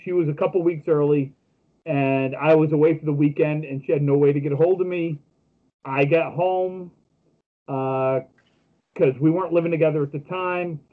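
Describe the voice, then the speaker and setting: A man's voice: on the high side, phone-quality sound. A man co-hosting a casual podcast, telling jokey stories with lots of fillers and restarts. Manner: joking storyteller with many fillers. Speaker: podcast co-host.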